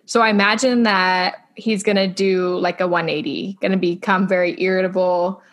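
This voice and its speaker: A woman's voice: fairly low pitch, steady tone, moderate pace. A woman co-hosting a podcast, chatting casually and self-deprecatingly about a TV episode, full of questions. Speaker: podcast co-host. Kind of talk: casual chat recapping a TV episode.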